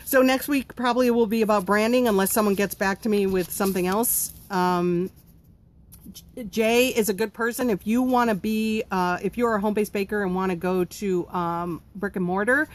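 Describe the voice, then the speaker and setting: A woman who is not from Pennsylvania hosts a live stream about running a home baking business, speaking at normal speed with a medium-pitched voice. She answers viewer comments bluntly and chattily, with lots of ums.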